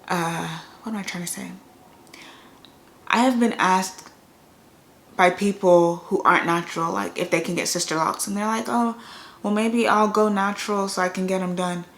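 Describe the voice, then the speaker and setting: A woman's voice: mid-range voice, moderate pace. A young adult woman chatting casually on her vlog, laid-back and rambling with frequent fillers and restarts. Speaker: vlogger. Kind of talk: casual chat.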